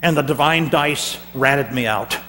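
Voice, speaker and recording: A pastor preaches a first-person character sermon, chatting theatrically with the congregation and often stammering over his words. His mid-pitched voice carries a long church-hall reverb, with a faint hum underneath. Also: a little slow, bright, forceful tone.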